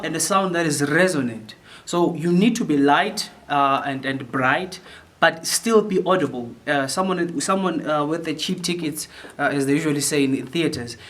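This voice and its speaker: A man's voice: fairly high pitch, fairly bright tone. A man conducting a choir rehearsal, explaining phrasing and sometimes singing lines to demonstrate, with many restarts and fillers. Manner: repeats words while thinking, many fillers. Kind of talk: choral rehearsal instruction. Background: piano.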